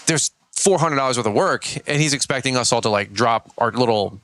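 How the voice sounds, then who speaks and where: A man's voice: mid-range voice, a little fast, no room sound. A man, a small business owner and podcast guest, telling stories in a casual, slangy way. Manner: animated storyteller, slangy. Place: Michigan.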